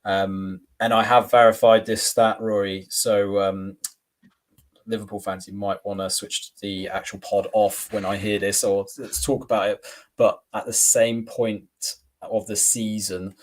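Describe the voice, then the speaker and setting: Low, flat-voiced man. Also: a little slow. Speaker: podcast co-host. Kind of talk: casual football chat.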